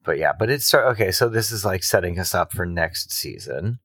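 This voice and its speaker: This is a giggly woman co-hosting a casual podcast, recorded close and dry. Her pitch moves around a lot as she chats and laughs. She also counts in the playback cues for the group. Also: animated, brisk, a bit bright, breathy edge, no echo. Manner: giggly, chatty, runs the episode cues. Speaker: podcast co-host. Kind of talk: casual chat.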